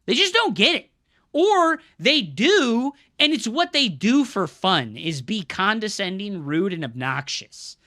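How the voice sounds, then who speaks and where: A male live game streamer and coach talking straight to his viewers. His voice is bright and pushed forward, and he rants at chat, heavy on swearing and scolding. The sound is dry, with almost no room around it. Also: high-pitched, sing-song, measured pace, dry recording. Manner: angry profane ranting at chat.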